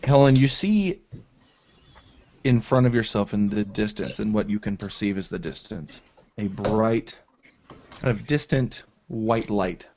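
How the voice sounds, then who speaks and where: A man narrating as game master of a tabletop game, in a halting style full of fillers, on a dull lo-fi recording. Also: on the low side, animated, darkish tone, slight background noise. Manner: slow, halting descriptive narration with many fillers.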